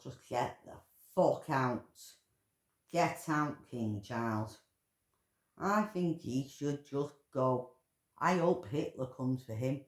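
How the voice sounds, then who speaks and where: A woman ranting in angry commentary, full of swearing and emotional outbursts. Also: very deep voice. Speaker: vlogger commentator. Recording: echoey room.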